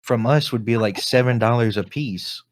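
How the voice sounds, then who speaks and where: A man's voice: mid-range voice, normal speed. A young man co-hosting a casual podcast, telling a story with lots of laughter and swearing. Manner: laughs often while telling stories; swears freely. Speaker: podcast co-host. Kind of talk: casual chat.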